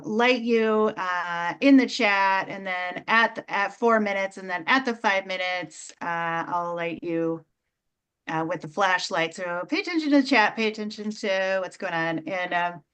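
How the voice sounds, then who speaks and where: A woman hosting an online comedy show, doing a deadpan stand-up set full of fillers and restarts. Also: medium pitch, smooth. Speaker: comedy host. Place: video call.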